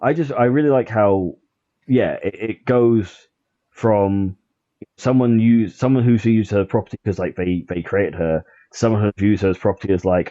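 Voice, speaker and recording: A man's voice: on the low side, moderate pace, dark tone, dry recording, muffled recording. A man chatting casually on a podcast, rambling with lots of fillers and restarts. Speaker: podcast guest.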